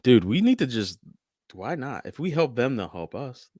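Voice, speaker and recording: A man co-hosting a casual podcast roundtable, animated and jokey, acting out quotes as he talks. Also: mid-range voice, normal speed, dry recording, studio quality. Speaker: podcast co-host.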